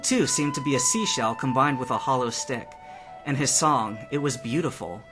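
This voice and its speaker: A man giving a lively, expressive first-person reading of a fan fiction adventure. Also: medium pitch.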